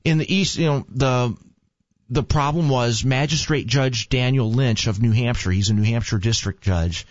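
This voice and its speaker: A man's voice: mid-range voice, moderate pace, no echo. A man chatting casually, telling rambling joking stories. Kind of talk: casual chat. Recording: dull lo-fi sound.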